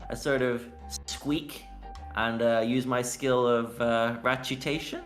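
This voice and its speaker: A guest player in a tabletop game talks hesitantly through his character's actions, pausing often. Faint music plays beneath his mid-pitched voice. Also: steady tone. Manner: hesitant, filler-heavy.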